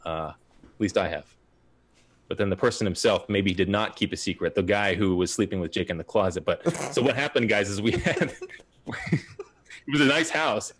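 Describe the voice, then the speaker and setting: A man co-hosts a casual podcast and talks in a low voice. He rambles on in a relaxed, chatty way and drifts from one aside to the next. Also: moderate pace, long pauses, slightly rough. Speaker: podcast co-host.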